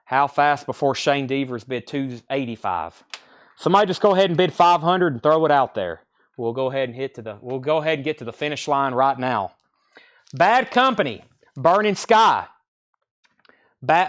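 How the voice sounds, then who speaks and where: A man hosting a live-streamed record sale, reading off albums, pressings and prices in a loose, friendly patter. He moves quickly from one title to the next and sometimes stumbles over names. His voice sits at a typical pitch. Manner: friendly and easygoing.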